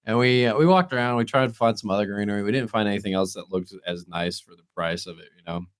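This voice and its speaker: A man's voice: fairly low pitch, a little fast, clean tone. A man co-hosting a casual podcast, telling a story, acting out other people's lines and laughing often. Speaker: podcast co-host. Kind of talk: casual chat.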